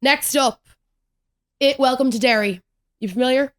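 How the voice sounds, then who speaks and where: A woman's voice: high-pitched, moderate pace, no room sound, clean studio sound. A young woman, hosting a podcast and rambling through stories in chatty, casual talk. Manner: chatty, rambling storytelling with lots of "like". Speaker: podcast host. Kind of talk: solo podcast rant, casual chat.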